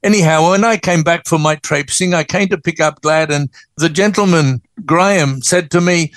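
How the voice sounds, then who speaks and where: An older man with an Australian accent, a guest telling his story in a lively, anecdotal way. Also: fairly high pitch, moderate pace, hardly any pauses, dry recording. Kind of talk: storytelling interview.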